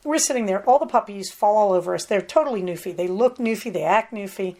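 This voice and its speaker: A woman hosting a podcast, telling a long casual story in a chatty, rambling way, with quick asides to her dog. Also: mid-range voice, expressive, a little mellow. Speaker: podcast host. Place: at home on a ranch.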